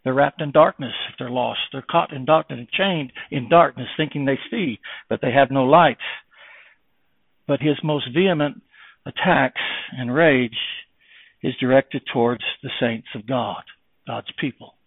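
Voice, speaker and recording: A man's voice: measured pace, creaky, breathy edge, dry recording. A male pastor preaching an impassioned sermon, firing rhetorical questions and quoting old scripture phrasing. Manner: impassioned preaching, swinging from loud exhortation to low earnest tones. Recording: dry, tinny phone-like sound.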